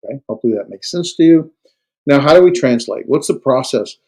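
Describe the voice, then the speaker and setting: This recorded Greek grammar lecture features a male instructor with a mellow, mid-range voice who talks fast and animatedly. He walks through the material step by step, full of fillers and restarts, stressing key words strongly, and the recording is rough.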